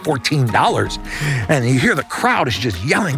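A man's voice: mid-range voice, big pitch swings, moderate pace, gravelly, music in the background. A middle-aged man hosting a podcast, improvising a bedtime story in a loose, conversational way with fillers and restarts.

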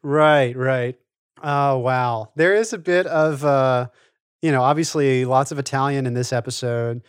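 A man's voice: medium pitch, a little slow, smooth, no room sound, studio quality. Rambling podcast co-host man. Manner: rambling, many fillers, thinks aloud. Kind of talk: casual chat.

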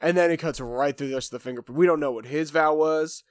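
A man's voice: a little high, quick pace, smooth, dry recording, studio quality. A man co-hosting a podcast, casually recapping a reality show, joking and swearing freely. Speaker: podcast co-host.

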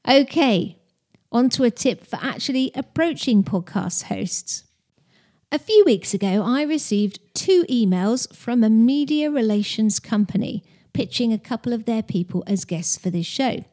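Woman, podcast host, giving advice, fairly high voice, mellow warm tone, chatty and direct. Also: animated, a little slow. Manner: chatty, direct, explains with stories and analogies. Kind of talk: business advice talk.

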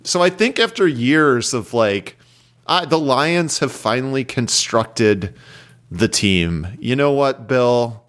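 A man's voice: medium pitch, lively intonation, takes it slowly, fairly bright tone. A man co-hosting a casual podcast, making wry jokes in banter with his friends. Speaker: podcast co-host. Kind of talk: casual chat.

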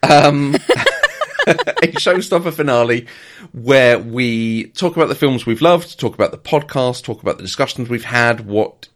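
Man, podcast co-host, casual chat, enthusiastic, mid-pitched voice. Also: huge pitch swings, a little slow, fairly bright tone. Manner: enthusiastic, repeats words, laughs often.

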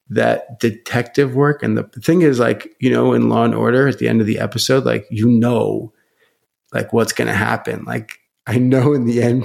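A man's voice: medium pitch, vocal fry, a little mellow. A man talking on a podcast in a casual, enthusiastic way, with lots of "you know" fillers. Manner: enthusiastic, rambling with many fillers. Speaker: podcast guest.

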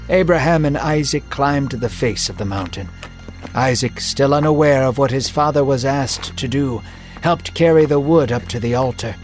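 A man narrating a dramatic Bible story in a measured, emotive way. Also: mid-range voice, soft background music.

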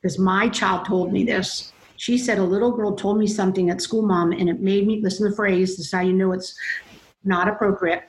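A woman's voice: mid-range voice, fairly even intonation, a little fast. A middle-aged mother speaking as a guest, telling stories earnestly about faith and parenting. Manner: earnest, storytelling, acts out voices in quotes. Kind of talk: Christian parenting talk. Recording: roomy echo.

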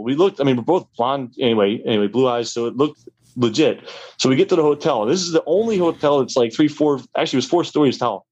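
A man's voice: on the high side, fast talker, darkish tone, slightly rough. A young man telling a wild story in a casual, rambling way, full of fillers.

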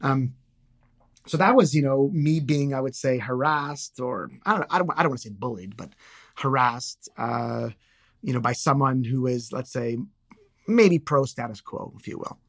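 Middle-aged man, podcast guest, halting, filler-heavy casual talk. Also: mid-range voice. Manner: hesitant, many fillers and restarts. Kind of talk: casual conversation.

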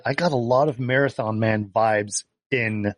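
A man's voice: on the low side, fairly even intonation, a little slow, dry recording. Chatty man, dry close sound. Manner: laughs often, many fillers and restarts. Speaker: podcast co-host. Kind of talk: casual chat about films.

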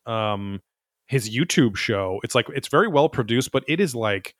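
A man's voice: mid-range voice, expressive, moderate pace, no room sound. Rambling, foul-mouthed male podcast host. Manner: rambling, profane, wry. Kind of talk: casual episode recap chat.

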